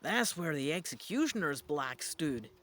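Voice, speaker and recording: A man's voice: on the high side, sing-song, unhurried, a bit bright, pitched below the performer's own voice. A man voicing a jumpy young male companion in a gamebook read-aloud, close to his own voice. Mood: brisk.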